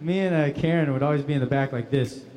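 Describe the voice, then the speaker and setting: A man's voice: a little high, fast, long reverb tail, a crowd in the background. Man telling laughing panel anecdotes. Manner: laughing, animated anecdotes acting out other voices. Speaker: convention panel guest. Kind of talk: casual Q&A storytelling.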